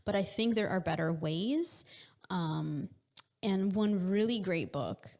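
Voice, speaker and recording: A woman's voice: fairly low pitch, expressive, slow, darkish tone. A middle-aged woman talking casually as co-host with her husband, thoughtful and explaining, with many fillers. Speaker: co-host, wife. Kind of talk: casual conversation.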